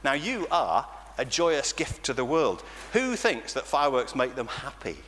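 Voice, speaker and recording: A man with an English accent leading an all-age church talk for children, animated and playful, often laughing. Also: medium pitch, moderate pace. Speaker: church leader. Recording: church reverb with faint noise.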